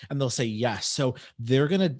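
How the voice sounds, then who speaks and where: A man's voice: medium pitch, normal speed, background noise. A man hosting an interview podcast, talking casually and rambling with many restarts as he explains his work as a medium. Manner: chatty, rambling with frequent restarts.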